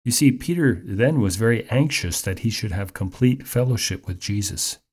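A man preaching a sermon in a measured, explanatory teaching manner. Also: fairly low pitch, expressive, a little mellow, slightly rough.

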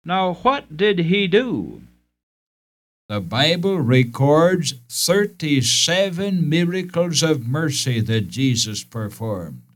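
Slow, earnest male preacher. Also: on the high side, very animated. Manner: earnest, emphatic, addresses listeners directly; deliberate, repeats key phrases. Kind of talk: sermon.

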